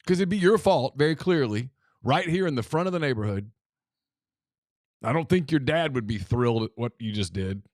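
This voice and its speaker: A man's voice: moderate pace, dry recording, studio quality. A male co-host in a casual chat, acting out the exchanges in his stories. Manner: animated, acts out quoted exchanges with rising pitch.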